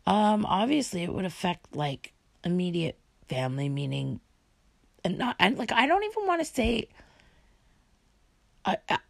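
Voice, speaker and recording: Gravelly, lively-voiced woman ranting. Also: on the low side, normal speed, pauses often, no echo. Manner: emphatic, blunt, whispered asides. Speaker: vlogger. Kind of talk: casual vlog rant.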